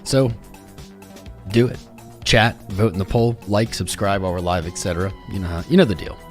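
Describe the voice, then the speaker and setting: A man from the United States hosting a casual crypto live stream, laid-back and rambling, greeting chat by name, a little hoarse from losing his voice. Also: low-pitched, brisk. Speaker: crypto livestream host. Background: music playing.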